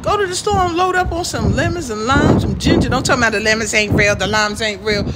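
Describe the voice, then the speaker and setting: A woman hosting a casual livestream outdoors, loud, preachy and joking as she lectures her viewers. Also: a little high, a little fast, very noisy. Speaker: livestream host. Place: outdoors in the sun.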